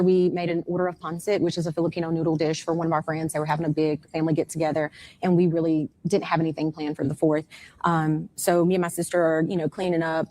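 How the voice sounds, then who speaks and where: Low-voiced mother telling her story. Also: slight background noise. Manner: animated storytelling that acts out the other people's words. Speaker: mother of a missing young man, interviewee. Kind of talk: emotional first-hand account in an interview.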